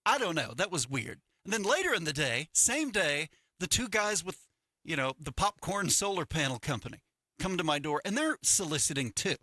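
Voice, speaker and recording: There's no room sound on this slightly high male voice, which moves at a normal speed. He's a middle-aged co-host on a morning radio show, recorded on a studio microphone in a radio studio, animatedly recounting stories in easygoing chat and acting out whoever he's quoting.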